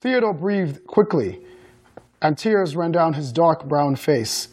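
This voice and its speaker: A man's voice: a little high, slow pace. A male author reading a story from his own book and then talking as a guest. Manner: steady storytelling read-aloud.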